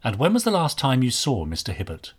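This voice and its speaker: A man voicing a stern Victorian police inspector, asking brisk, authoritative questions in a storybook reading. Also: medium pitch, wildly swooping pitch, breathy edge. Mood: probing.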